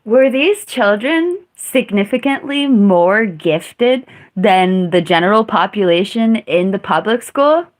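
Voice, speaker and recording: Female streamer, unhurried, blunt and profane storyteller. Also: medium pitch, expressive. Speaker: live streamer. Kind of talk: casual storytelling.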